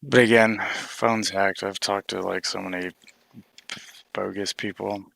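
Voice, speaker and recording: Gravelly man rambling on a livestream. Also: on the low side, fairly even intonation, unhurried, a bit bright, no echo. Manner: rambling, restarts thoughts, mild cursing. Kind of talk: rambling casual livestream talk.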